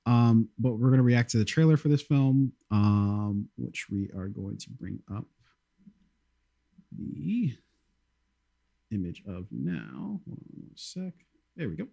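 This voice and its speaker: A man's voice: medium pitch, expressive, slow, vocal fry, pauses often, warm tone, no echo. A man hosting a podcast in casual chat, hesitant and full of filler words, stumbling over names. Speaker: podcast host.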